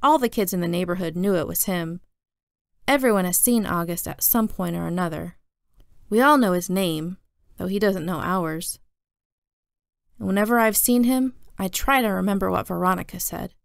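Gravelly woman reading a story aloud. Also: lowish voice, normal speed, no echo, clean studio sound. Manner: even storytelling read-aloud. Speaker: audiobook reader. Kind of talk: first-person audiobook narration.

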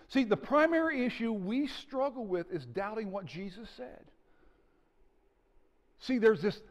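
A man preaching a sermon as pastor, animated and calling out to the congregation for responses. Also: high-pitched. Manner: animated preaching with audience call-outs. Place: church sanctuary. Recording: church hall with long reverb.

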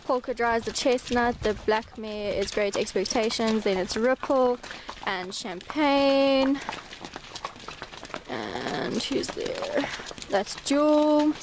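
A woman vlogging as she walks through her stables, chatting to viewers and calling out to the horses. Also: noisy background. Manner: chatty, calls out to horses in a high sing-song. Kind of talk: casual walk-and-talk vlog.

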